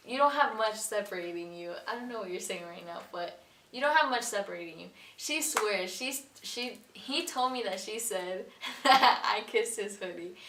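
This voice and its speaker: A woman's voice: mid-range voice, sharp tone. A young woman co-hosting a couple's channel, telling their story in a casual, giggly, playful way. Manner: giggly, playful, interjects and corrects. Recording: echoey room, far from mic, faint hiss.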